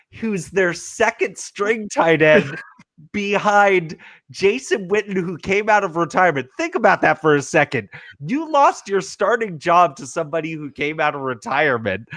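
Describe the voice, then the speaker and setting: A man's voice: sits high, a bit bright, no room sound, clean studio sound. A man hosting a casual podcast, trash-talking his friends with profane, mock-outraged rants. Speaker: podcast host. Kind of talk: casual chat.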